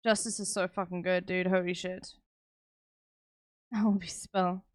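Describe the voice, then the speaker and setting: A woman's voice: lowish voice, little pitch movement, measured pace, no echo. A young South African woman streaming live, chatting casually with her viewers in a blunt, sarcastic way and swearing often. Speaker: livestreamer.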